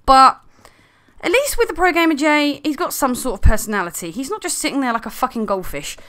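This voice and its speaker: A woman's voice: high voice, lively intonation, brisk, fairly bright tone. A woman ranting in an angry, sarcastic commentary video full of swearing.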